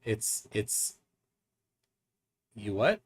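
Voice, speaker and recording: A man's voice: fairly low pitch, very animated, drawn-out words. A man hosting a casual livestream chat, teasing his guests and laughing often. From United States. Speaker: livestream host.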